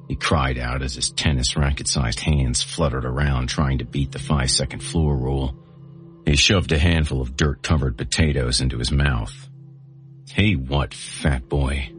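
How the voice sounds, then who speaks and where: A man with an extremely low, deep voice narrates a horror audiobook. His first-person delivery is gritty and menacing, and soft music plays under him. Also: moderate pace. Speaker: host and narrator.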